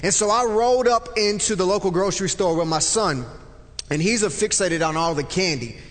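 A man in his forties with a high voice shares a faith testimony, telling it as a vivid story that swings from loud and excited to soft and hushed. His voice rings out with a long reverb, as in a large hall. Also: moderate pace. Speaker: speaker telling a personal testimony.

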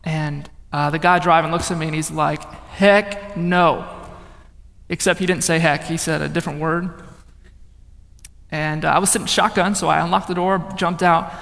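This young man from the northern United States has a notably high, creaky voice and shares his personal testimony. His delivery is flat and a little fast, yet it swings from loud outbursts to hushed passages, and a long reverb makes it sound like he's in a large hall.

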